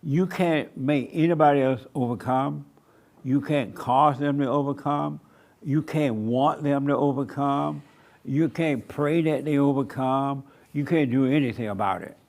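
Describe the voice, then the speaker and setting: A pastor preaches to a small congregation in a church meeting room, his medium-pitched voice darkish in tone. He repeats short commands emphatically and slows down to stretch words for emphasis.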